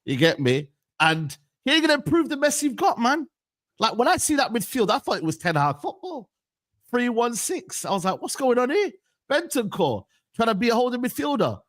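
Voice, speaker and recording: A man's voice: extremely high pitch, huge pitch swings, moderate pace, a bit bright, no echo, studio quality. A man on a football panel, teasing a fellow panelist in slangy banter.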